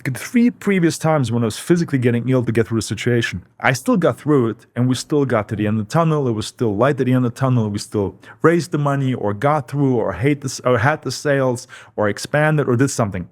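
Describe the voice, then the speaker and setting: A man's voice: mid-range voice, lively intonation, quick pace, hardly any pauses. A man, a company founder, telling his story in a casual interview. He reflects as he goes and repeats words for emphasis. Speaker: company founder, podcast guest.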